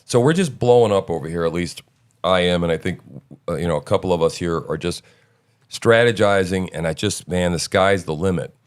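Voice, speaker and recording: A middle-aged man with a very low, smooth and resonant voice, hosting a casual stream. He talks loosely and rambles, full of fillers and restarts. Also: fairly quick. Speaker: show host. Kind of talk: casual live-stream chat.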